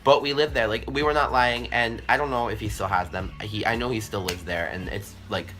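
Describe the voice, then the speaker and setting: A young man telling a storytime vlog in a chatty, animated way, full of fillers and swearing. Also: mid-range voice, a little fast, over music. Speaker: vlogger.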